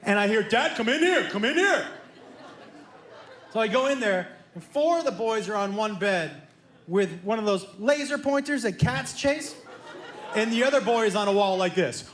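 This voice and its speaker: A man's voice: sits high, moderate pace, some chatter behind. A middle-aged man doing stand-up, telling family stories and acting out the people in them. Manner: animated, acts out family members in quoted voices. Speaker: stand-up comedian. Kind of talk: stand-up comedy storytelling. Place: theater stage before a live audience. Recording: roomy live theater sound.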